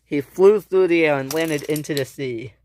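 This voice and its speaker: A storyteller narrating a home-made toy train adventure, with halting restarts and filler words. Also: medium pitch, a little mellow, a little hiss or hum.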